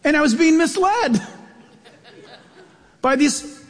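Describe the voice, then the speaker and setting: A man preaches a sermon from the pulpit, his voice sitting high for a man. He tells his stories with animated swings of pitch, and the sound rings with a long church-hall reverb. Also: slow. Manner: animated storytelling with sudden pitch jumps. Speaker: pastor.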